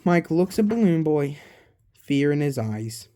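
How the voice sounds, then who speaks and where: A woman's voice: deep voice, big pitch swings, measured pace, warm tone. A woman casually narrating a fan story in a loose way, with fillers.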